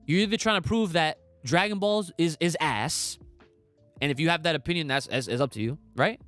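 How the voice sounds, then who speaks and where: A man's voice: fairly high pitch, a little fast, a bit bright, faint music behind. A young man hosting a casual podcast livestream, talking emphatically in slangy, swearing rants and reading out chat comments. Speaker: podcast host.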